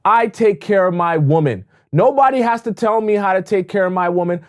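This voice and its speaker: A man's voice: sits high, animated, a little fast, voice pushed up. A man voicing a proud, boastful boyfriend who brags about how he provides. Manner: boastful, swaggering. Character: cocky boastful boyfriend, proud, self-assured.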